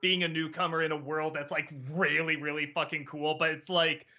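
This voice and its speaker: A man's voice: a little high, level tone, brisk, sharp tone, highs cut off, faint music behind. A middle-aged man answering viewer questions in a casual livestream chat, rambling, laughing often and swearing freely.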